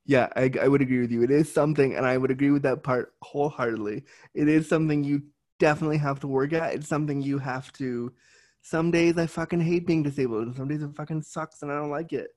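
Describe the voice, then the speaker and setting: A man's voice: fairly high pitch, steady tone, quick pace, a little mellow. A young adult man hosting a casual interview chat, candid and swearing freely. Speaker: podcast host.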